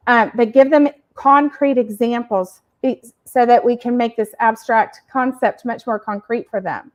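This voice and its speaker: A woman co-hosting a parenting show, explaining points in a casual, warm way and laughing between them. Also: on the high side, steady tone, normal speed, few pauses. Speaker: podcast co-host.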